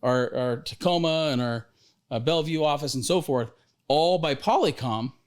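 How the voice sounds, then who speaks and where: A middle-aged man with a slightly high voice tells a story in a loose, rambling podcast chat. He jumps back to restart his sentences often and keeps the energy lively and conversational. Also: moderate pace, clear, resonant tone. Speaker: podcast host, financial advisor.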